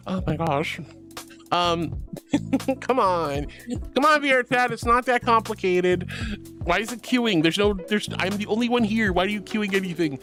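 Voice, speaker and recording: Lively, playful woman streamer. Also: medium pitch, unhurried, long pauses, soft background music. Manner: playful and dramatic, often laughing; calls viewers honey and sweetie. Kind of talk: casual livestream chat.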